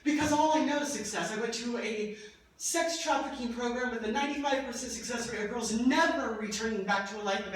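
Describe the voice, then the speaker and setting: High-voiced woman speaking in an echoey hall. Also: distant mic. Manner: passionate, animated storytelling with laughter. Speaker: keynote speaker. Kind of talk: emotional testimonial speech. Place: large event hall.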